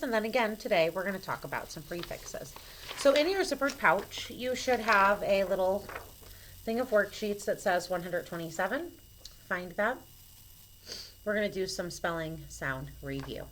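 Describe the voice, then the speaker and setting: A woman teacher giving a recorded phonics lesson to children, speaking slowly and patiently and spelling out each letter clearly. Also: mid-range voice, lively intonation, fairly bright tone, a little hiss or hum, rough recording. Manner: slow, patient and clearly enunciated. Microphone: camera mic.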